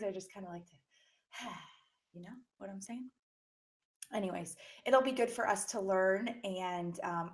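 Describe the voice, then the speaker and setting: A young woman hosting a live webinar from home, chatting casually into her own microphone, friendly and full of fillers as she greets viewers by name. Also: mid-range voice. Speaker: webinar host. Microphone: own microphone on a live stream.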